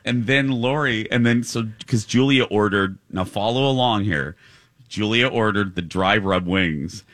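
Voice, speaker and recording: A man co-hosting a radio show, telling a lively story and mimicking high voices. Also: unhurried, no room sound, clean studio sound. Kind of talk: storytelling banter.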